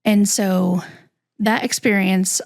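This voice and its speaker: A woman guest on a podcast, telling a personal story in a halting, candid, soft-spoken way. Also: mid-range voice, fairly even intonation.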